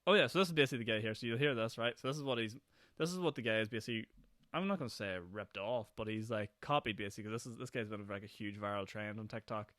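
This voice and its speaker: A young Northern Irish man hosting his own podcast, talking fast and rambling from one thing to the next with frequent laughs. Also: lowish voice, fairly bright tone, no room sound. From Northern Ireland. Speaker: podcast host. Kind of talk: casual solo podcast chat. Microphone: podcast microphone.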